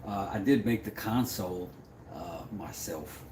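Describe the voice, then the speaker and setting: A laid-back man with a drawl talks casually to his livestream chat. His voice is mellow and dark. It echoes around a workshop, with a faint hum of ambient noise behind it. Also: deep voice, a little slow. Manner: laid-back, chatty, reads viewer comments aloud, drops to mumbles. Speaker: livestream host making mallets.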